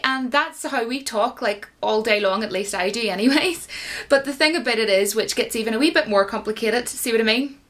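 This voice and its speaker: A woman's voice: fairly high pitch, brisk, fairly bright tone. A young woman with an Irish accent, chatting casually as she explains slang to her viewers, giggling and rambling. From Ireland. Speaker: YouTuber.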